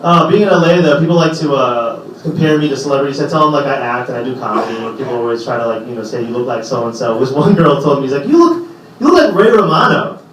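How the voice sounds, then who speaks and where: A man performing a stand-up comedy set in a small club, talking conversationally and slipping into quick impressions of the people in his stories. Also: mid-range voice, a bit bright, a little hiss or hum. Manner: conversational, acts out characters in quick bursts. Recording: roomy echo from a distant mic.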